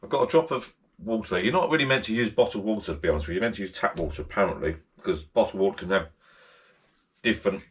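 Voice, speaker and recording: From the bar in his backyard garden shed, a man hosts a casual vlog, talking to viewers in a friendly, direct way. He rambles and repeats himself, his voice low-ish and his pace quick.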